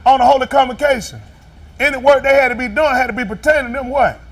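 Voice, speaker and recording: A man's voice: very high voice, quick pace. A man preaching a sermon. He is a folksy, joking pastor who quizzes his congregation and waits for them to call the answers back.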